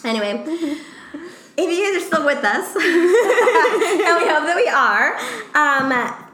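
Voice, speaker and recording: A woman's voice: sits high, fairly bright tone. A woman in her thirties co-hosting a podcast, talking candidly and emotionally, laughing often and saying "like" a lot. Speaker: podcast co-host. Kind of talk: casual podcast chat. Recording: echoey room with faint noise.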